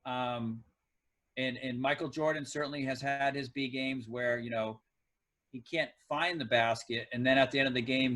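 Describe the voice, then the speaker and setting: A man's voice: mid-range voice, a bit bright, poor audio. A middle-aged man and former pro kicker turned coach, a guest in a casual podcast interview, telling long reflective stories from sport. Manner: reflective, tells sports anecdotes at length.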